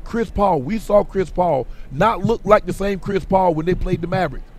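Middle-aged male radio guest, emphatic and animated, voice going hoarse, light background hum. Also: high voice, normal speed. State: voice getting hoarse. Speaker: guest, former football player. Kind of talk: radio sports interview.

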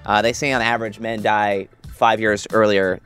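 A man's voice: fairly low pitch, flat delivery, normal speed, fairly bright tone, soft background music. A man co-hosting a morning radio show, talking casually with easygoing, rambling delivery and fillers. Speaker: radio co-host.

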